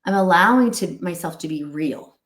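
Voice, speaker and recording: A woman's voice: on the low side, expressive, moderate pace, roomy sound. A middle-aged woman speaking earnestly as an interview guest, rambling with restarts and acting out little quotes. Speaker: guest, pet wellness company founder. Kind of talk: candid interview talk.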